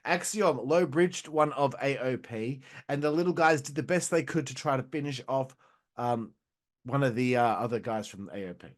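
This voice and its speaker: A man's voice: medium pitch, moderate pace. A man hosting a casual wrestling review who rambles, swears a lot and laughs at his own jokes. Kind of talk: casual profane video review.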